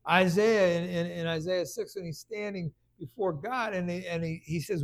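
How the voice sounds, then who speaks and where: A man preaching a conversational sermon, stumbling over restarts and then rising into loud bursts of emphasis. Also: high-pitched, normal speed, few pauses.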